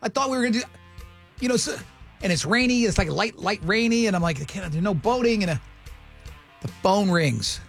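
A man's voice: high-pitched, expressive, normal speed, vocal fry, faint music behind. A middle-aged man co-hosting a casual chat, telling a rambling story with lots of restarts. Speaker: podcast co-host.

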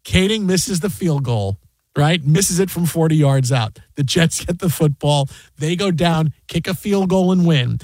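A man's voice: a little high, measured pace, no room sound. A man hosting a sports radio show, animatedly telling a story in casual chat. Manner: animated storyteller, acts out other voices. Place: radio studio.

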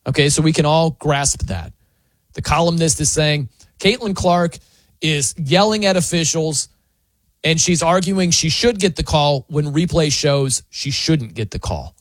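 A man's voice: fairly high pitch, unhurried, no echo. A man hosting a sports talk show, giving an opinionated monologue with a mocking, incredulous tone. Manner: incredulous, mocking, animated reading. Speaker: sports commentary host.

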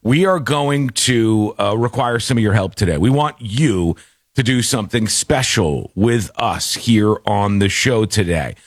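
A man's voice: on the low side, animated, a little slow, no room sound, clean studio sound. A man hosting a radio talk show in an upbeat, playful, chatty way. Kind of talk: lively radio show chat.

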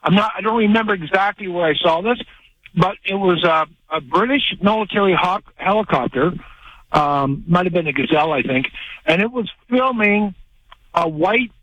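A man's voice: high voice, lively intonation, normal speed, fairly bright tone, no room sound. A man from Canada calling in to a radio show, rambling and hesitant with many fillers. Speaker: caller. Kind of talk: phone-in call. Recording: dull dry phone line.

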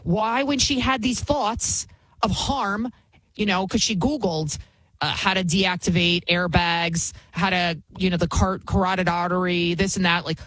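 A woman's voice: fairly low pitch, fairly even intonation, a little slow, fairly bright tone, no echo, rough recording. A woman hosting a talk show, giving indignant, emphatic commentary and often repeating phrases for effect. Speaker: show host. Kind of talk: opinionated commentary.

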